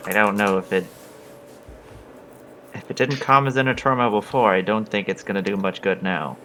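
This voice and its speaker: A man playing his character in a tabletop game, speaking hesitantly and softly. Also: lowish voice, normal speed, a little hiss or hum. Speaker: player voicing his character Farron. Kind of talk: in-character tabletop role-play.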